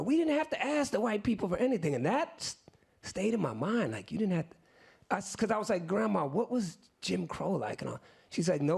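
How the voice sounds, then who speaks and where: A man in his fifties, his voice gravelly and a little husky, sits slightly high for a man. He spins a long story on stage in loose slang, talking straight to the crowd now and then. He mimics the people in his tale as he tells it. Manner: animated, acts out other people's lines in quotes; casual slang-filled talk with asides to the audience. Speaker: musician guest. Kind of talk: live storytelling to an audience.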